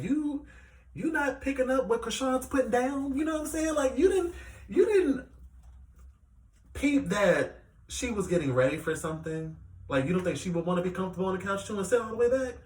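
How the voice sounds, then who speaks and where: A man giving a casual, animated recap of a reality show, with plenty of fillers as he retells the scenes. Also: high voice, moderate pace. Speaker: reality TV reviewer. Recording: echoey room, distant mic.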